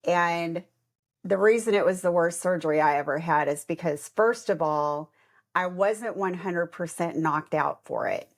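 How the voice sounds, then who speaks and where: Unhurried and on the low side, this woman's voice belongs to a middle-aged podcast co-host sharing personal stories in relaxed conversation. She's animated, laughs a lot, and performs what other people said in their voices.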